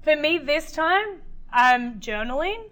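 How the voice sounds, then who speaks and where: Aussie woman, pretty high voice, rambly and blunt, swears a lot, casual podcast chat. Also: expressive, slow pace, bright, forceful tone. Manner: frank and rambling, swears freely. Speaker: podcast co-host.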